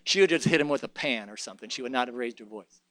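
A man's voice: medium pitch, fast talker, a bit bright, no room sound. A man preaching a sermon in a folksy way, mixing joking asides with fervent, emphatic exhortation.

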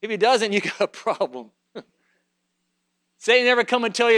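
A man preaching a sermon in a church, climbing to fervent shouting and then dropping to quiet, conversational storytelling. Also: a little slow, long pauses. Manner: rises to shouted fervor, then drops low and conversational. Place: church sanctuary.

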